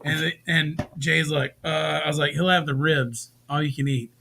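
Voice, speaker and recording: A man telling a profane, animated story on a casual podcast. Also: a little high, normal speed, gravelly, noisy background. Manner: profane, animated anecdote teller. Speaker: band member guest.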